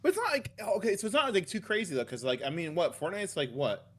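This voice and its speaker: A man from Florida who talks fast with a lively, swooping pitch, slightly high. He chats casually and fills his speech with "like," heard over a call mic. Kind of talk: casual online chat. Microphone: online call mic.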